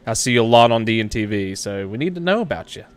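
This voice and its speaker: A man's voice: mid-range voice, lively intonation, a little fast. A man hosting a live web show, casual and self-mocking, laughing often. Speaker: webshow host. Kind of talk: casual live-stream interview.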